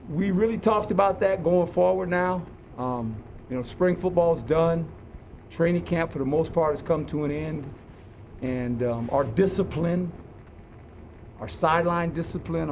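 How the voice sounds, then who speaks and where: A man's voice: on the high side, vocal fry, darkish tone, slight background noise, rough recording. An older man, a head football coach, answering reporters after practice in an earnest way, often repeating words as he starts a sentence. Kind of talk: post-practice press conference.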